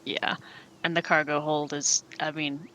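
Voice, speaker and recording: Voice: mid-range voice, little pitch movement, unhurried, sharp tone. A game master narrating a tabletop game, rambling with many fillers and restarts.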